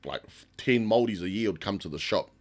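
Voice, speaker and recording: Laid-back New Zealand man, low voice. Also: fast. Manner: casual, swears, laughs often, animated retelling. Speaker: podcast guest, tattoo artist. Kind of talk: casual chat.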